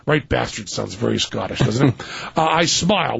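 A man's voice: mid-range voice, animated, normal speed, creaky, a bit bright, breathy edge, dry recording. A man hosting a radio talk show, rambling and joking with many fillers as he reads a story aloud. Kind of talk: casual radio banter and reading aloud. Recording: dull lo-fi radio audio.

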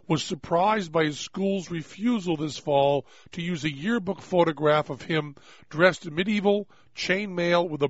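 A man hosts a radio talk show, rambling through stories with jokes and easy laughter. His voice sits a touch high. The studio sound is dry and a little dull. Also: no room sound. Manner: rambling, jokey, quick to laugh. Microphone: studio microphone.

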